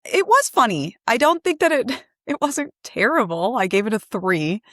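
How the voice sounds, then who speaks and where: A woman's voice: a little high, very animated, normal speed, a bit bright, dry recording, clean studio sound. A woman co-hosting a movie podcast in casual chat, chatty and playful. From Michigan. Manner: chatty, playful, easily laughing. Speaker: podcast co-host.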